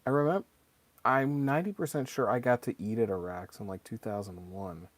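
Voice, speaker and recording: Guy in his 30s rambling on a painting stream, lowish voice, dry sound. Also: brisk, no echo. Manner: rambling and conversational, many fillers. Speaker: streamer and voice actor. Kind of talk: casual chat while painting on stream.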